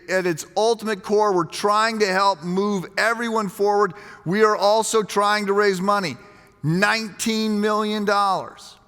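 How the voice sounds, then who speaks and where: A man's voice: high voice, fairly bright tone, clean tone. A man preaching a sermon as a pastor, telling stories in a conversational way with quoted dialogue, in a church sanctuary. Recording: long hall reverb.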